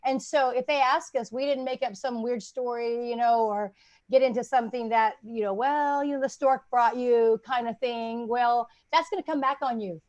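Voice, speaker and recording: A woman's voice: a little high, fairly even intonation, normal speed, dry recording, dull audio. An older woman guest in a casual chat, talking earnestly with frequent fillers.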